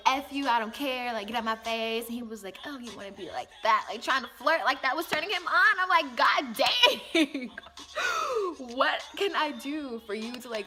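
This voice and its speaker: Speaking to camera in a slightly high voice, a young woman casually tells a personal story. She is chatty and animated, acting out what people said.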